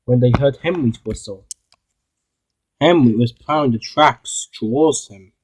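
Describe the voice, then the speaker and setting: A man narrating a homemade toy-train story, halting with frequent restarts. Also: mid-range voice, a little hiss or hum, low-quality recording.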